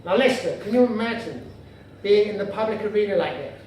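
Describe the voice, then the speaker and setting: A man's voice: high voice, fairly quick, darkish tone, recorded from a distance. A man doing stand-up comedy in a pompous, mock-formal, dandyish manner, in a comedy venue before a live audience. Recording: echoey room heard from afar, noisy.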